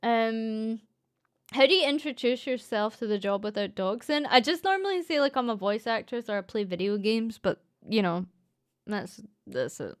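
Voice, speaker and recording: A young Scottish woman who streams and does voice acting rambles through a casual story, full of fillers and giggles. Her voice is on the high side and animated, at normal speed with a clean tone.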